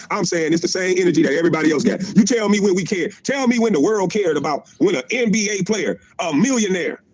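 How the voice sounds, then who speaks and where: A man's voice: high-pitched, low-quality recording. A middle-aged man delivering a profane, mocking livestream rant, repeating his jabs and laughing at them. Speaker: former pro basketball player ranting on a stream.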